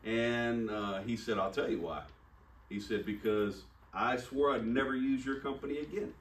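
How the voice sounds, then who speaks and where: During a sermon, a pastor with a mid-range voice speaks at normal speed, sharing a personal story conversationally, teasing himself, and acting out the dialogue. It's recorded from a distance in an echoey room, with slight background noise.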